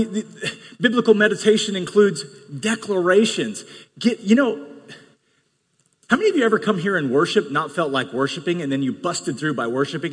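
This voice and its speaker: A male pastor preaching an energetic sermon to his congregation, swinging between loud bursts and quieter teaching. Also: high voice, breathy edge. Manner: animated preaching with bursts of shouting. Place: church sanctuary. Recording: long reverb of a large hall.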